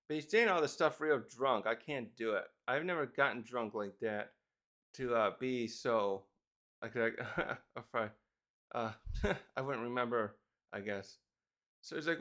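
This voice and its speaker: A man's voice: medium pitch, normal speed, bright, forceful tone. A man giving a casual, rambling chapter review, thinking aloud and correcting himself as he goes. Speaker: manga reviewer.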